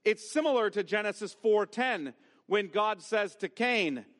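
Emphatic preacher with a lively voice. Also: male voice, high-pitched, measured pace, long reverb tail. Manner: emphatic, with rhetorical questions. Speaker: pastor. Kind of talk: sermon. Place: church sanctuary.

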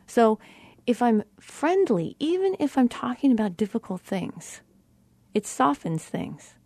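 Middle-aged woman explaining self-talk, warm mellow voice, dry close sound, slows down and stresses words on purpose. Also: a little high, sing-song, no echo. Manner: deliberate, demonstrates tone by repeating phrases with shifting inflection. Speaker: speaker on self-talk and communication. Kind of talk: teaching monologue.

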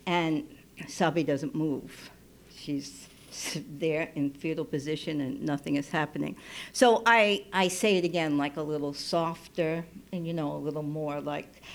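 Woman storyteller on live radio, talks real slow, gets soft and hushed at times. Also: sits low, gravelly. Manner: unhurried, intimate, drops to soft near-whispers when quoting. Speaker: storyteller, midwife. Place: radio station studio. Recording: live radio broadcast, faint noise.

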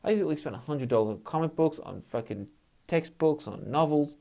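A man's voice: fairly high pitch, expressive, a little fast, gravelly, warm tone. Man, solo casual monologue, frank, heavy swearing, worked-up, venting. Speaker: podcast host.

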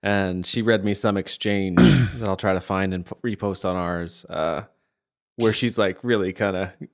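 A man co-hosting a casual podcast who chats in an animated way and laughs easily. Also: low voice, normal speed. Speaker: podcast co-host. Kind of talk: casual chat.

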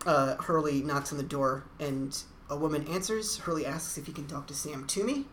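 A woman's voice: sits low, moderate pace. A woman co-hosting a casual chat, retelling TV plot details in a dry, matter-of-fact way. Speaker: podcast co-host. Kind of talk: casual chat recapping a TV episode. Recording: echoey room, faint noise.

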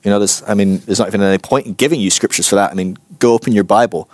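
A man's voice: fairly low pitch, racing, no room sound. Chatty man teaching a class. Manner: chatty, animated, acts out quotes. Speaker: church teacher. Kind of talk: informal teaching talk.

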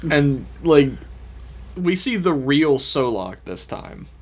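A man co-hosting a casual podcast, retelling an episode with swearing and quick character voices. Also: on the high side, very animated, a crowd in the background. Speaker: podcast co-host.

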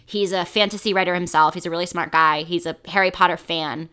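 Brief: opinionated woman co-host, casual banter, bright forceful tone. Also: fairly low pitch, fairly even intonation, quick pace, smooth. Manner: blunt, opinionated, swears. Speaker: podcast co-host. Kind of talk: casual chat.

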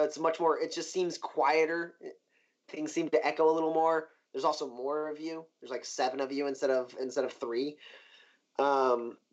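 A man narrates a tabletop game as its game master. He talks loosely, with plenty of "like" and "uh". His voice sits slightly high, and the recording is dull and lo-fi. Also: a little mellow.

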